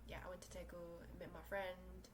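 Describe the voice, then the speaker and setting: Speaking a little fast in a lowish voice with little pitch movement, the host is a young woman from South Korea for whom English is a second language. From her small room she runs a casual solo podcast, rambling with lots of fillers and restarts, and background noise is audible.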